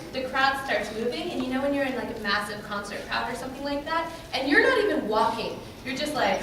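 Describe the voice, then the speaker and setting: Young woman, high voice, animated storytelling, self-mocking, far from the mic, noisy hall. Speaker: panel guest. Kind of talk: convention panel storytelling. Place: large convention hall.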